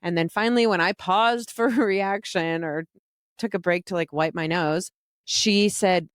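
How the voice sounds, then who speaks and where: Frank, self-mocking woman vlogger with a lowish voice and a dry, close sound. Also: a little slow, clean tone, no echo. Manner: frank, self-mocking, laughs often, casual swearing. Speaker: vlogger telling a personal story. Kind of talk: candid personal storytelling.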